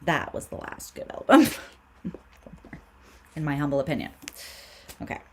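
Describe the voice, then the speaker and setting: Low-voiced, unhurried woman reading tarot. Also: big pitch swings, a little mellow, husky. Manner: laid-back, swears casually, laughs often. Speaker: tarot reader. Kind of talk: casual livestream tarot reading.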